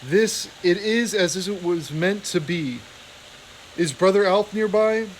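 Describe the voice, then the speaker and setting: A man reading aloud, voicing an old male abbot mouse who is dying, gentle and fatherly. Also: sits high, takes it slowly, a little hiss or hum, poor audio. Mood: tender.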